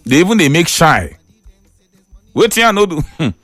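Lively Nigerian radio host, laughing. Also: male voice, a little high, normal speed, no room sound, soft background music. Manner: animated storyteller, laughs often, mixes Pidgin and English. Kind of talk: chatty radio call-in talk.

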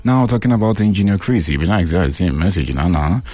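A man with a Nigerian Pidgin accent hosting a call-in radio show, reading out listener greetings in a lively, chatty way. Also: low voice, brisk, no room sound. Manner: lively, chatty, laughs often. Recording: radio broadcast with faint music.

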